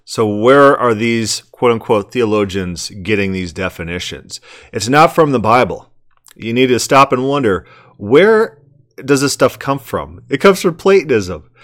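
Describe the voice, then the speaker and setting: A man's voice: mid-range voice, animated, unhurried, a bit bright. A man commenting on a sermon clip, emphatic and argumentative, asking rhetorical questions and often repeating words.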